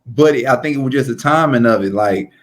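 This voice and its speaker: A man co-hosting a podcast, talking in a relaxed, rambling way full of "like" and restarts. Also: mid-range voice. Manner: relaxed, drawn-out storytelling with frequent "like". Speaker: podcast co-host. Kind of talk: casual chat.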